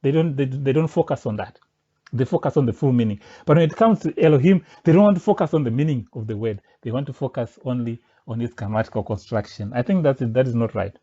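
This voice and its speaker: Mellow-voiced man arguing insistently. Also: medium pitch. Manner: argumentative and insistent, presses points step by step. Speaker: religious commentator. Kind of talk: spoken rebuttal addressed to a pastor. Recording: dull lo-fi recording.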